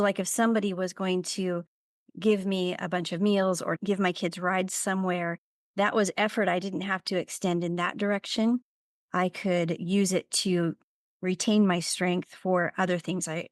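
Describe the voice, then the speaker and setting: A woman on a podcast speaks reflectively and affirms what the others say. Her voice is slightly low and recorded dry and close. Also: little pitch movement, moderate pace, no echo. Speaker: podcast co-host. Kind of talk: casual conversation.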